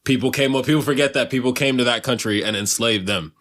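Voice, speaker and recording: A man co-hosting a podcast in casual chat, animated, laughing often and swearing freely. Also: mid-range voice, quick pace. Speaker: podcast co-host.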